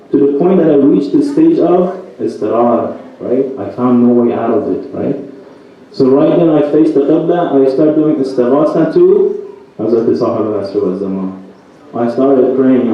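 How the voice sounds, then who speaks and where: Man preaching in a very echoey hall. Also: medium pitch. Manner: storytelling, keeps asking "right?". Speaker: religious speaker. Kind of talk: night sermon with a told story. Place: religious center hall. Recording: roomy echo, distant mic, dull sound.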